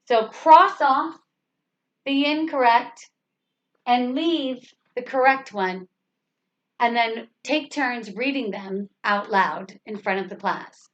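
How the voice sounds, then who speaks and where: Patient woman English teacher, high voice, unhurried, repeats examples, asks the class questions. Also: fairly bright tone. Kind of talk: slow grammar lesson explanation. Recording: slightly dull lo-fi recording.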